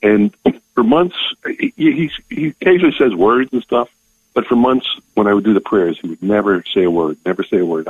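An older man calling in to a radio show, telling his story haltingly and tearing up as he speaks. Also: low voice, slightly rough, dry recording. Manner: halting, emotional, many restarts. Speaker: caller. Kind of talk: call-in testimony. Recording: tinny phone line.

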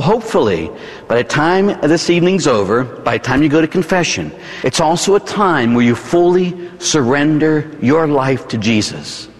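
A middle-aged Catholic priest with a Pittsburgh accent preaches an evening sermon, his voice leaping up and dropping low as he drives each point home. He tosses in folksy asides, and the sound rings with the long reverb of a church hall. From Pittsburgh, USA. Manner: animated, dramatic pitch swings, folksy asides.

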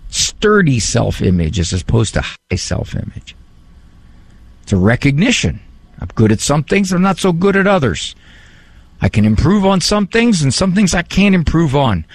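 Animated gravelly man with lively pitch. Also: normal speed, no room sound. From Italian heritage. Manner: animated, mimics voices for humor. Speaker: psychologist. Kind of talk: casual talk on parenting and faith.

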